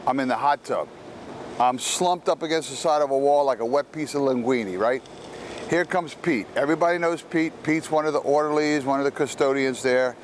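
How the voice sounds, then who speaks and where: A man's voice: medium pitch, normal speed, slight background noise. A man giving a gospel reflection, telling a story in a conversational way and acting out the people in it. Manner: conversational, acts out the people in his stories.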